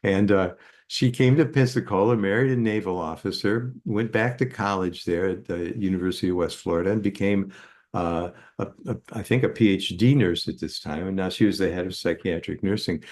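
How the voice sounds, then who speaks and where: A man's voice: deep voice, fairly quick, a little mellow. An older man, a psychotherapist, telling stories in an interview with many fillers and restarts. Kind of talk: anecdotal storytelling in an interview.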